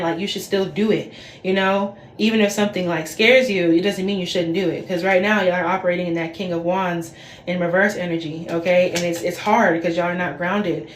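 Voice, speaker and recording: A woman in her twenties giving a casual livestream tarot reading, chatty and repetitive, full of fillers. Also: fairly low pitch. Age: 20s. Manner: chatty, lots of fillers, repeats herself. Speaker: tarot reader. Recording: roomy echo, faint background hiss.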